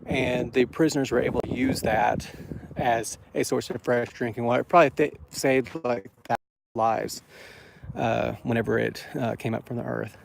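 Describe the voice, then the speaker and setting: A man's voice: mid-range voice, fairly even intonation, moderate pace, vocal fry. A man from Florida giving a chatty walking tour outdoors in the cold, out of breath from climbing a hill, with many fillers and restarts. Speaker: travel vlogger and guide. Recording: noisy outdoor camera audio.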